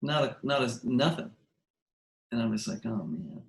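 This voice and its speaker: This male interview guest, a musician, has a creaky, medium-pitched voice and talks at a moderate pace. His casual storytelling is lively: he acts out quotes and keeps restarting sentences, all captured in an echoey room.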